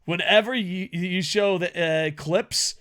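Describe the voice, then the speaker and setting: Loud, laughing, high-voiced podcast man. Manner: loud, laughing, swearing, rapid banter. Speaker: podcast co-host. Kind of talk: casual podcast chat.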